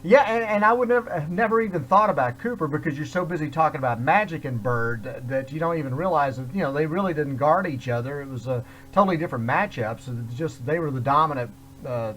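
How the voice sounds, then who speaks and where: A man hosting an interview, asking questions in a halting way with many fillers. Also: fairly high pitch, animated, a bit bright, slight background noise. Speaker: host.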